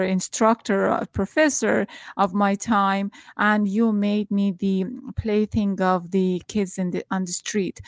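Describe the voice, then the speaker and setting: A woman moderates a panel, posing questions with pauses and fillers. Her voice is recorded dry and close, with no room sound. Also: mid-range voice, darkish tone, no echo. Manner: hesitant, halting questions with fillers.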